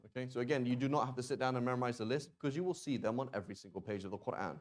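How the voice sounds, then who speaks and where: Male teacher, casual classroom talk, sounds out words slowly, many ums and restarts, mid-pitched voice. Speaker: Arabic teacher. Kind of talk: classroom lesson.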